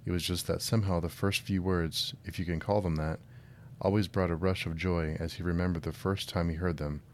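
Man, low voice, book channel host, short story reading, friendly, faint rumble. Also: fairly even intonation, fairly quick. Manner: friendly, with filler words and restarts. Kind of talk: casual intro then story narration.

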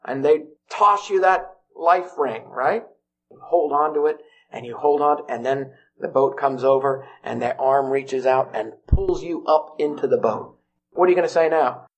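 A man preaching a gospel sermon, telling stories and asking his listeners questions, climbing into urgent pleading and then dropping to quiet emphasis. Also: mid-range voice, normal speed, muffled recording. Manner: conversational storytelling with rhetorical questions. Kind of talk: evangelistic sermon.

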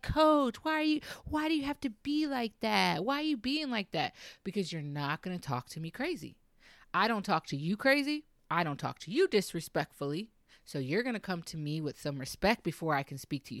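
Low-voiced woman giving lively parenting advice. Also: no room sound, studio quality. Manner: animated, laughs often, acts out teen voices. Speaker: mom coach. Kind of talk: casual advice talk to camera.

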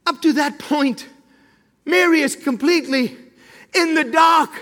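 A man's voice: very high-pitched, measured pace, fairly bright tone. A male pastor preaching an emphatic sermon, throwing rhetorical questions to the congregation. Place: church. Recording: long reverb of a large hall.

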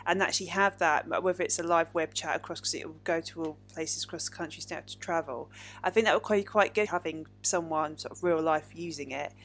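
Relaxed woman podcast host. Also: low voice, fast talker, a little hiss or hum. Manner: relaxed, thinks aloud, chatty. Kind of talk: casual podcast chat.

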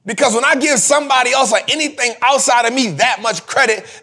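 A man hosting a show, giving a repetitive, preachy motivational talk on investing, speaking with a husky voice. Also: very high voice, fairly quick. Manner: animated, preachy, repetitive, addresses co-host by name. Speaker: podcast host.

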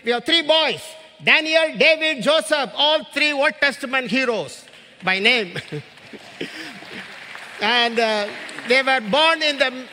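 Man from India in his fifties, missionary preacher, very high and piercing voice, long church-hall reverb. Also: slow, pauses often, slight background noise. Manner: impassioned, rises to shouts on key phrases. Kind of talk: sermon.

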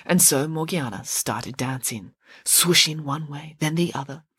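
A woman storyteller giving an expressive, animated bedtime story narration. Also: sits low, measured pace, breathy edge, no echo.

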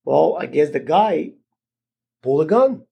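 Middle-aged guy, raspy gravelly voice, kinda high, rambling story w lots of "you know"s. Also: unhurried, lo-fi sound. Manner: rambling, restarts with many fillers; animated, jumps higher when quoting others. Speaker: podcast guest, landlord. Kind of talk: casual storytelling.

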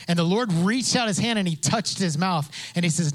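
A man preaching a sermon as pastor, conversational with asides, acting out quoted voices and building to loud emphasis. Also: sits high, a little fast, hardly any pauses. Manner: conversational with asides and self-interruptions.

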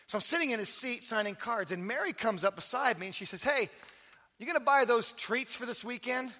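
A man preaching a sermon as pastor, telling stories with energy and then dropping to soft, intimate emphasis. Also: very high-pitched, lively intonation, fairly quick. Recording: long hall reverb.

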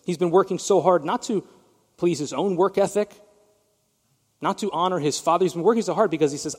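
A man's voice: high-pitched, brisk, pauses often, slightly rough. A male pastor preaching a sermon, retelling a story with emphasis and speaking directly to his congregation. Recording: long reverb of a large hall.

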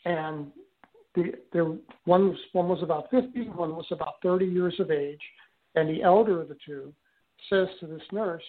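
An older man telling a personal story in an interview, speaking haltingly with frequent restarts and fillers. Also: fairly high pitch. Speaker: guest recounting an experience. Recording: tinny phone-line audio.

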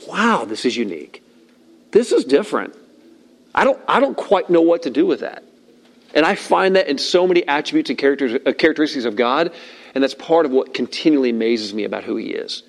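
Animated male pastor in a reverberant hall. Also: on the high side. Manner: animated, acting out voices and asides. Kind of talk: sermon.

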